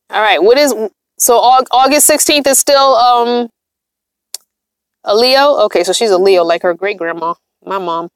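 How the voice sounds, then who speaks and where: A woman's voice: on the high side, moderate pace, no echo, studio quality. A middle-aged woman, chatting on a livestream with viewers, tired and yawning, emphatic and repetitive. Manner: chatty, emphatic, repeats herself. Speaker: vlogger hosting a livestream. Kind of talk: casual livestream chat with viewers.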